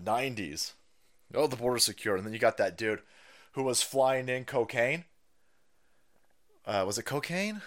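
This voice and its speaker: A man hosting a ranting political livestream, loud and mocking, laughing often and mimicking other people's voices. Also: mid-range voice, expressive, moderate pace, long pauses. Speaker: livestream host.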